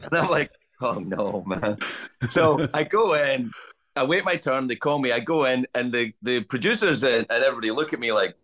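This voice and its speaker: A man's voice: mid-range voice, a little fast. A middle-aged Scottish man, a comedian, telling stories in casual podcast chat and acting out voices as he goes. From Scotland. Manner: animated, swearing storyteller acting out voices. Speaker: guest comedian.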